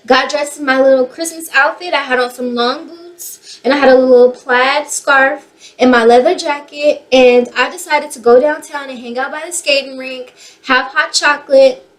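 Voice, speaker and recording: A young woman from the Bay Area telling a personal story in a casual, animated way, swearing freely. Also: sits high, normal speed. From San Francisco Bay Area. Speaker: vlogger.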